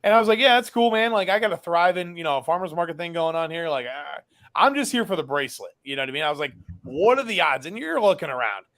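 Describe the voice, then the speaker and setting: A man's voice: fairly high pitch, a bit bright. A man, a business founder and guest, telling a story casually and animatedly, acting out dialogue with lots of fillers.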